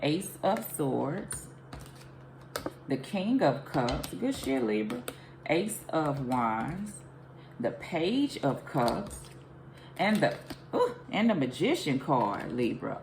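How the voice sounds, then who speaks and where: A woman's voice: low voice, sing-song, unhurried, vocal fry, darkish tone, slight background noise. A woman gives a casual, rambling tarot reading, thinking aloud and questioning herself as she goes. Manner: rambling, intuitive, self-questioning. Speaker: tarot reader.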